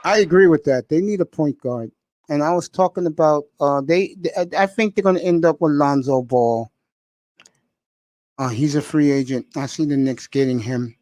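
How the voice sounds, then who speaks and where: A man's voice: fairly high pitch, moderate pace, darkish tone, no echo. A man hosting a casual sports talk show, giving emphatic, opinionated picks and speaking straight to the fans.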